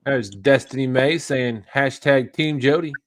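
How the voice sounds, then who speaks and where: This medium-pitched male co-host of a fishing livestream talks at a measured pace, with no room sound on the recording. He reads viewer comments aloud in a relaxed manner, chuckling between each one.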